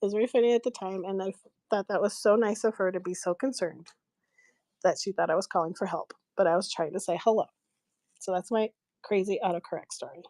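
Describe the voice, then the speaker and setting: A woman's voice: mid-range voice, quick pace, darkish tone, dry recording. A middle-aged woman chatting on a craft live stream, telling stories and laughing often while she works.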